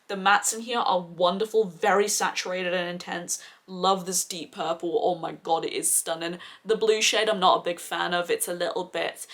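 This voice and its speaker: A chatty woman in her twenties gushes through a makeup collection, leaning on "like" as she talks. Her voice is a touch hoarse, as though she is losing it. She sounds seated at home and at ease. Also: on the low side, a bit bright. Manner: gushing, chatty, heavy use of "like" as filler. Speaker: beauty vlogger. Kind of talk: casual makeup review vlog.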